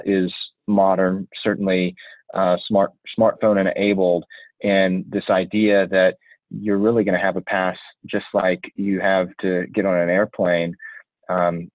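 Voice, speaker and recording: A Texan man from East Texas moderates a webinar in a very low voice. He speaks hesitantly and uses a lot of fillers. The sound is dry and narrow, like a phone line. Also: no echo.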